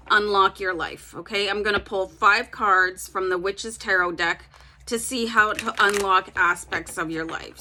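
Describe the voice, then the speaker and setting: Chatty woman doing a tarot reading, crisp bright voice, talks right to the viewers. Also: mid-range voice, a little hiss or hum. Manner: chatty, speaks directly to viewers with frequent fillers. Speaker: tarot reader.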